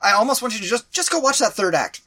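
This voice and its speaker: Bright-voiced man recapping a film. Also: high-pitched, fast, breathy edge. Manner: animated, exasperated storytelling with profanity. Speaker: podcast co-host reviewing a movie. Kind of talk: casual chat.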